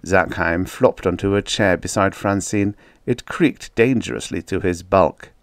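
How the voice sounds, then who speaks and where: A man reading a science fiction story aloud as an audiobook narrator, in a steady, descriptive manner. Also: deep voice, unhurried, dry recording. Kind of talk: scripted narration.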